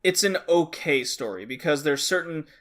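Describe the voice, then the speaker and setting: A man's voice: on the high side, animated, normal speed, a bit bright. A man co-hosting a podcast, bluntly complaining and swearing in casual chat. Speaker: podcast co-host.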